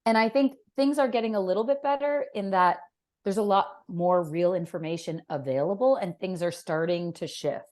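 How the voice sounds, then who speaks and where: A woman in her fifties, a fitness professional, talking animatedly and bluntly as a podcast guest. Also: medium pitch. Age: 50s. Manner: animated, emphatic, blunt with swearing. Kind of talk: casual interview chat.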